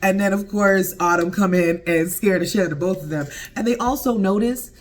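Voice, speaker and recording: Animated man, higher voice, recapping TV. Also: fairly quick. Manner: animated, profane, laughs often. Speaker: TV show reviewer. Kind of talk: casual TV episode recap.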